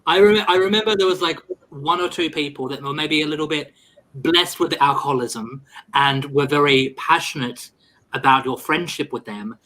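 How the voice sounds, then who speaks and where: A camp, gossipy drag queen chatting on a live stream, full of dramatic asides. His voice is bright and a little raised, with a quick, chatty run to it. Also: on the high side, poor audio. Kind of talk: casual live-stream banter.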